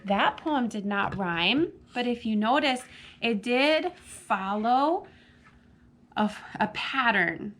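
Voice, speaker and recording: A woman's voice: mid-range voice, gravelly, fairly bright tone. A woman hosting a children's storytime at a library, reading poems and chatting with young kids, asking them questions as she goes. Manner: chatty, addressing kids directly with frequent questions. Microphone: camera mic.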